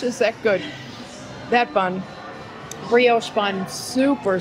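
A woman's voice: fairly high pitch, takes it slowly, music in the background, rough recording. A woman hosting a casual food vlog, chatting enthusiastically and narrating between stops. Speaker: host of a cooking channel.

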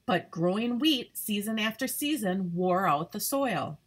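A woman doing a gentle, explaining flower. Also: mid-range voice, expressive, unhurried. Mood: informative. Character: helpful female lupine flower who drives the car.

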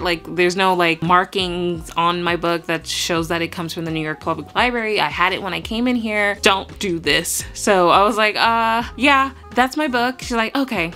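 A woman chatting casually on her book vlog, animated and laughing often, acting out the lines she quotes. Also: fairly low pitch. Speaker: book vlogger. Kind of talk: casual chat about her reading.

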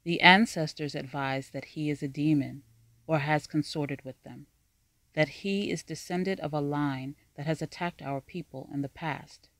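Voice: medium pitch, normal speed, no echo, natural voice. Solemn young court storyteller woman, read by a narrator. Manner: calm, solemn.

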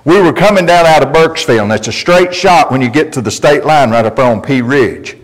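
A man's voice: mid-range voice, lively intonation, fairly quick. A male pastor preaching a sermon, telling folksy stories with emphatic delivery. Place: church sanctuary. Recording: long reverb of a church hall.

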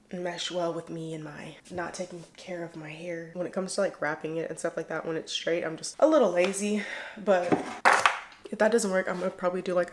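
A woman's voice: on the low side, a little mellow, slight background noise. A young woman chatting casually to the camera as a beauty vlogger, loose and slangy, full of "like" and "y'all". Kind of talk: casual get-ready-with-me chat.

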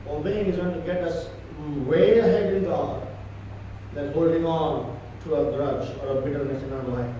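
A man's voice: fairly high pitch, normal speed, mellow, highs cut off, slight background noise. A man preaching a church sermon with emphatic, repetitive delivery. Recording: echoey church hall from far off.

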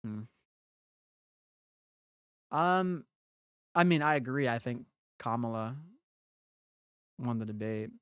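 Young male streamer, relaxed chatter with his chat, dry close mic. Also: medium pitch, takes it slowly, pauses often, smooth, no room sound. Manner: chatty, reads out and answers chat. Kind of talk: casual live-stream chat while gaming.

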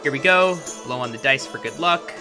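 A man's voice: mid-range voice, animated, fairly quick. A man hosting a let's play, chatting wryly over gameplay while getting over a chest cold. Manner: chatty, wry. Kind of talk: casual gameplay commentary. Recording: voice over game music.

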